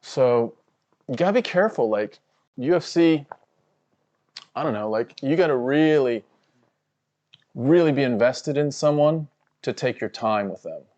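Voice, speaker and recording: A man's voice: medium pitch, animated, unhurried, pauses often, darkish tone. A man co-hosting a live fight watch-along stream, giving casual, profane, analytical commentary full of "you know" fillers.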